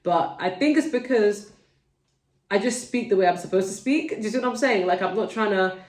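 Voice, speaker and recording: A woman's voice: medium pitch, fairly quick, distant mic. Chatty London woman, roomy sound. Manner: chatty, digressive, talks straight to viewers. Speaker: tarot reader. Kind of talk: casual tarot reading to camera. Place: home.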